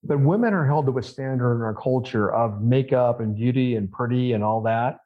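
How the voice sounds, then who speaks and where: A man's voice: mid-range voice, moderate pace. A man speaking as a podcast guest and mindset coach, emphatic and repetitive, asking rhetorical questions. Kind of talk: conversational podcast interview. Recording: dull lo-fi sound.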